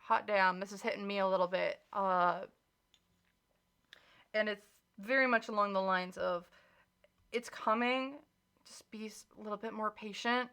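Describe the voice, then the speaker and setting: Giving a casual spoken tarot reading, this woman has a smooth, slightly bright, medium-pitched voice with fairly even intonation, talking at normal speed and pausing often. She's chatty and emphatic, offering earnest reassurance and saying "like" a lot.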